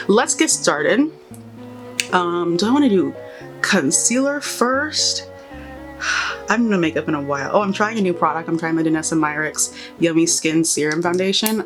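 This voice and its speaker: A young woman chatting casually while doing her makeup, giving rambling, opinionated commentary with exasperated asides. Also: on the low side. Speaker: beauty and pop culture vlogger.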